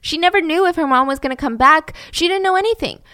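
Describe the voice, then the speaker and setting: A woman's voice: high voice, quick pace, sharp tone, no echo, studio quality. A young woman telling a true-crime story casually, with wry, sarcastic asides.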